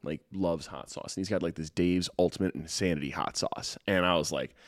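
A young man, a podcast guest, telling stories in casual chat, animated and swearing freely. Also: deep voice, a little fast, dry recording, studio quality. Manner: animated, swears, acts out the people in his stories. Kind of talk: casual storytelling.

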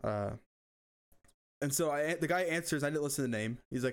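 A man co-hosting a casual podcast chat, telling a story with animated delivery and frequent laughter. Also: fairly high pitch, fairly quick, long pauses. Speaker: podcast co-host.

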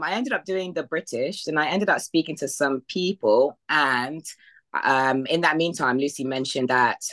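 Very low-voiced woman telling her story. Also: fairly bright tone. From United Kingdom. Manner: retells past conversations in quoted voices, with frequent fillers and laughs. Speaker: podcast guest, bodybuilding athlete. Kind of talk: casual conversational storytelling.

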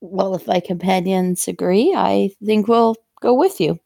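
A woman's voice: mid-range voice, unhurried, gravelly, mellow, no room sound, studio quality. A woman playing a tabletop game, speaking her character's lines in a formal, courteous way. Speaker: player.

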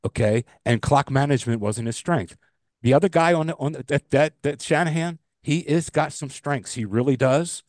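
A man's voice: on the high side, normal speed, dry recording, clean studio sound. An older man, co-hosting a podcast in casual, rambling, emphatic chat. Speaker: podcast co-host.

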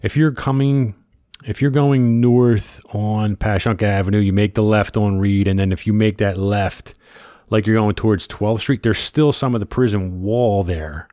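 A man tells stories in a casual chat. His voice sits fairly low. He acts out the quotes with bursts of energy, and the sound is dry and close. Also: a little slow, no echo. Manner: animated storyteller who acts out quotes loudly.

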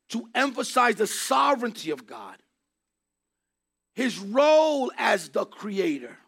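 High, gravelly male preacher. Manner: emphatic, repeating key phrases and rising to shouts. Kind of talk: sermon.

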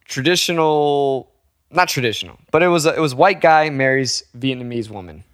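A young man co-hosting a casual podcast, telling an animated story with laughs and casual swearing. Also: medium pitch, normal speed. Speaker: podcast co-host.

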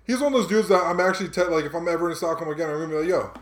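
A young man in casual chat, telling a travel story in a relaxed, slang-heavy way and getting animated when he quotes people. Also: a little high, rapid-fire. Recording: roomy room echo.

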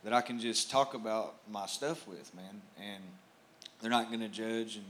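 A man speaks from a church stage in a somewhat low voice, giving a casual testimony. He rambles loosely and fills his talk with "like" and "you know." A faint noise sits behind him. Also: moderate pace, a bit bright. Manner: rambling, full of "like" fillers.

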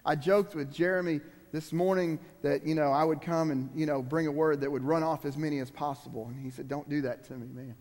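A man's voice: a little high, steady tone, brisk, a little mellow, big-room sound. A man preaching as a guest preacher, emphatic and conversational, turning to the congregation with asides. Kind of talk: sermon.

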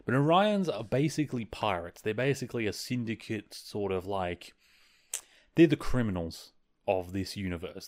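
A man hosting a podcast, recapping an episode in a chatty way with lots of fillers and quick quoted lines. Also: lowish voice. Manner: chatty, many fillers, quotes characters in passing. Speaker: podcast host.

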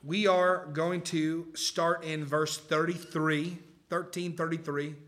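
A man's voice: a little high, flat delivery, slow pace, a bit bright. A male pastor giving a conversational sermon to a live congregation, often checking in with the room. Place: church service before a live congregation.

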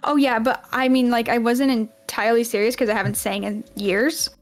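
A woman's voice: fairly high pitch, fairly even intonation, moderate pace. A young woman co-hosting a podcast in playful, chatty conversation, laughing often. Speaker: podcast co-host. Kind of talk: casual chat.

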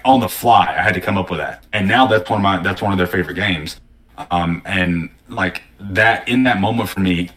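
A man in casual conversation, animatedly telling stories and acting out what people said. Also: low voice. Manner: animated storyteller, acting out quotes. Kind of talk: casual conversation about tabletop games.

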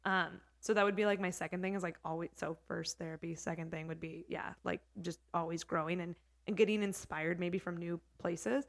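A woman's voice: fairly low pitch, steady tone, brisk, hardly any pauses. A woman who works as a hair educator, a podcast guest chatting casually, with lots of "like" and "you know what I mean.". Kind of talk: casual interview chat.

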